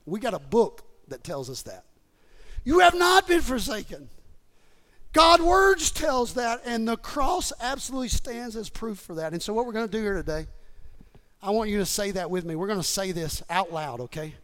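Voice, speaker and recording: High-voiced preacher shouting emphatically. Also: male voice, animated, fairly quick. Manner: emphatic preacher, swings from low asides to shouting. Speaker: pastor. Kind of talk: sermon.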